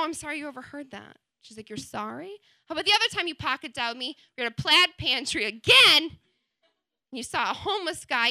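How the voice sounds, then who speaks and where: A young woman performs stand-up into a handheld mic, her voice very bright and a touch high. She talks in a chatty, wry way full of "like" and lands her punchlines deadpan. The sound is dry and close. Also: creaky, no echo. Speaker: stand-up comedian. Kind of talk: stand-up comedy set. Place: comedy club stage.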